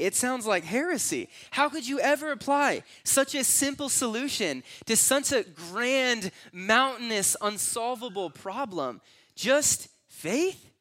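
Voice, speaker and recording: A man with a high, bright voice delivers a sermon. He tells a long story in second person, moving between hushed, low passages and loud, exclaiming ones. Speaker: pastor.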